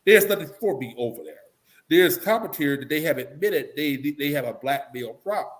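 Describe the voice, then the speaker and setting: A man giving blunt, animated opinions as an interview guest, breaking into mocking voices to make his points. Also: fairly high pitch, a little fast. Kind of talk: casual political commentary.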